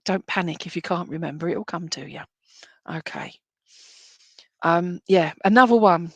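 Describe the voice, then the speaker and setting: A woman's voice: lowish voice, moderate pace, breathy edge, dry recording. A woman working as a spiritualist medium, giving a chatty, affectionate live-streamed reading that rambles and restarts often. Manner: chatty, affectionate, addresses people as "my lovely".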